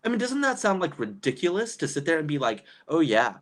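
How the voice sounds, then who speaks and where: A woman holds a casual livestream and reads from the chat as she goes. She rants in an exasperated way, laughs often, and her pitch swings widely. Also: big pitch swings, quick pace. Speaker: livestream commentator reading chat.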